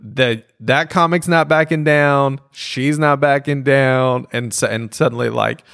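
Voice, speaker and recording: A man and comedy co-host casually telling an animated story from a club night, acting out the people in it. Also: mid-range voice, a little slow, vocal fry, clean tone. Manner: animated storyteller, acts out quoted voices. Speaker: stand-up comedian and podcast co-host.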